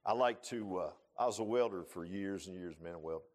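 Preaching briskly, the middle-aged pastor keeps a folksy manner in his sermon. He alternates loud, rising outbursts with low, quiet asides.

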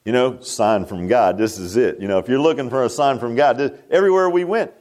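A man's voice: medium pitch, fairly quick, darkish tone. A middle-aged man, preaching a sermon as pastor, pressing questions with a rhetorical "huh?". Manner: preachy, rising to fervent emphasis with rhetorical "huh?".

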